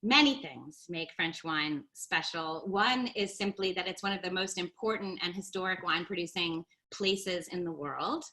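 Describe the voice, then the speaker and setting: An American woman wine educator, a guest on a video call, articulate and quick to laugh. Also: lowish voice. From United States. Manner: warm, articulate, laughs easily. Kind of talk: interview guest.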